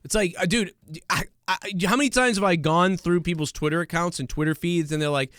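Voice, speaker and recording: A man's voice: high-pitched, fairly quick, fairly bright tone, smooth, dry recording, clean studio sound. A young man hosting a podcast, ranting casually with lots of swearing, fillers and restarts. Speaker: podcast host. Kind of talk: casual comedic rant.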